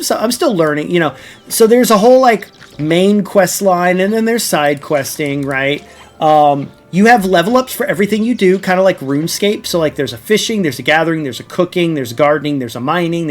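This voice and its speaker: A man streaming a video game, explaining it in casual, rambling commentary full of fillers and "right?" check-ins. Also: on the high side.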